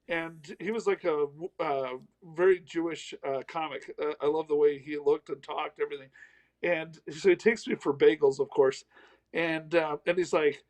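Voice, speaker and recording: A man's voice: fairly high pitch, unhurried, a little mellow, rough recording. A middle-aged man from the American South, a comedian telling a self-deprecating story in a casual interview. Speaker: comedian guest.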